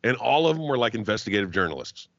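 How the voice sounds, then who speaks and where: A low-pitched man riffing crudely on a podcast, cursing constantly and breaking into laughter between half-finished sentences. His voice is close and dry with little room sound. The recording is a bit dull and muffled. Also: big pitch swings, quick pace, fairly bright tone, no echo. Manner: profane, joking, laughs often, trailing restarts. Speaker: podcast co-host. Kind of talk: crude comedic podcast banter.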